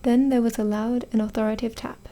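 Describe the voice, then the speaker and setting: Soft-whispering Australian woman narrating. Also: fairly high pitch, little pitch movement, fast. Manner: soft and careful, with small stumbles. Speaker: audiobook narrator in training.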